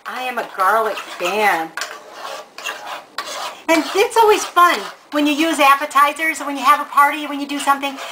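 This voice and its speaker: A woman's voice: sits high, noisy background. A woman giving a casual cooking demonstration in a home kitchen, chatty and homey, talking straight to the viewer. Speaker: home cook presenting a recipe.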